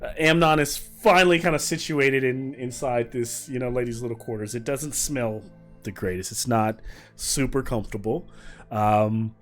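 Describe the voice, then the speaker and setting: Give me a relaxed man running a tabletop game over soft background music. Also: mid-range voice, moderate pace. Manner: relaxed, rambling with fillers. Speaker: game master.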